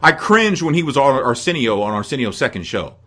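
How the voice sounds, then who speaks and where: With a medium-pitched voice and brisk delivery, a middle-aged American Midwesterner co-hosts a podcast. He tells animated stories in an easygoing chat, with plenty of laughs.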